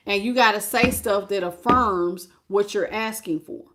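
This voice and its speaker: A woman's voice: mid-range voice, a little slow, a bit bright. A woman tarot reader giving a preachy, emphatic spiritual pep talk in casual, repetitive speech.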